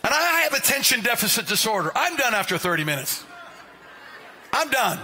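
A man's voice: very high voice, moderate pace, long pauses, breathy edge. A male pastor preaching a sermon in a church, telling stories with jokes and calling out listeners by name. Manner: animated, joking storyteller who addresses listeners by name. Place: church sanctuary. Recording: long reverb of a church sanctuary.

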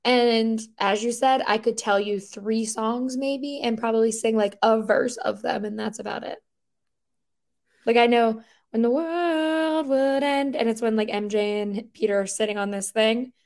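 A woman chatting casually on a podcast, rambling and animated, with lots of filler words and incredulous outbursts. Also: a little high, moderate pace, creaky.

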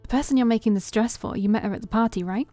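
Brief: excitable, nosy young woman, eager and prying, a bit higher, read by a woman. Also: fast talker, dry recording, soft background music, natural voice.

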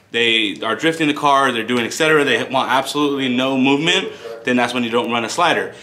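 A man's voice: medium pitch, fairly bright tone. A man hosting a casual product walkthrough for a car parts shop, chatting loosely to viewers in a store. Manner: chatty, addresses viewers as "you guys".

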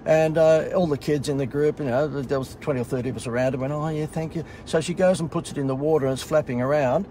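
A man's voice: medium pitch, fast, hardly any pauses, dark tone, a little hiss or hum. A middle-aged Australian man casually telling a funny story in a sarcastic, self-mocking way. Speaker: host.

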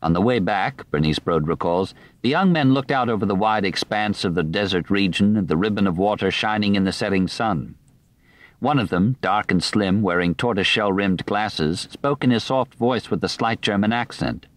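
Low-voiced male audiobook narrator, dry. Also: no echo. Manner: measured, even reading.

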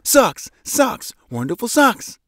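A man voicing an excited, stubborn little girl in a storybook reading, high and insistent. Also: takes it slowly, no room sound, clean studio sound, full character voice. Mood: eager.

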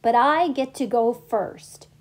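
A self-important little caterpillar brags in a bright, raised singsong, as a woman puts her on. She speaks slowly and proudly, like a storybook show-off. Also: a little high. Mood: boastful. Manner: bragging, singsong.

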